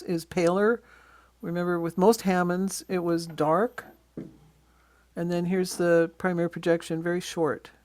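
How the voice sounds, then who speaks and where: An easygoing birding instructor leads a slide-show lesson on identifying birds, with a voice of middling pitch. The talk is casual and often halts on ums and uhs while pointing out features in each photo. The sound is dry and close, with no room echo. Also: a little mellow. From Western Washington.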